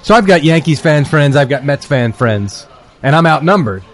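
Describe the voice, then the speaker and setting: A man chatting as a podcast guest in a bar, telling stories in a relaxed, self-deprecating way. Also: a little high, normal speed. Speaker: podcast guest, football reporter. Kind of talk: casual chat.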